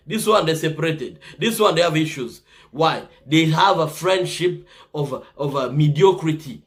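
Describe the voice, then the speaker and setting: A man giving a casual motivational talk, repeating himself and restarting phrases as he goes. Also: fairly high pitch. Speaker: motivational speaker.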